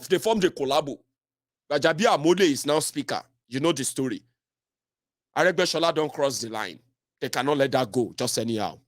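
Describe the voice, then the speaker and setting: A man's voice: a little high, no room sound, clean studio sound. A middle-aged Nigerian man with a Nigerian accent giving solo political commentary, fiery and mocking, mixing pidgin into his English.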